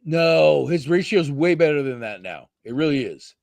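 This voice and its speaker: A man hosting a sports talk show, talking casually with friends. His pitch swings widely and he curses often. The sound is close and dry, with almost no room in it. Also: normal speed, gravelly, no room sound. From Seattle area. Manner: animated, swears freely, loose banter. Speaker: podcast host.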